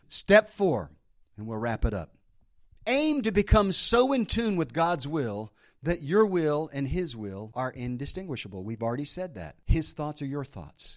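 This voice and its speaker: Animated preaching pastor, a man. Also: a little high. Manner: emphatic preaching with frequent amens and praise calls. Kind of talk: sermon. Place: church service with congregation.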